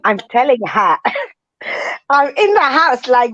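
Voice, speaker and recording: A woman's voice: high-pitched, big pitch swings, takes it slowly, sharp tone, no room sound, dull audio. A woman co-hosting a reality show review, chatting casually and emphatically, repeating phrases for effect. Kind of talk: casual gossip chat.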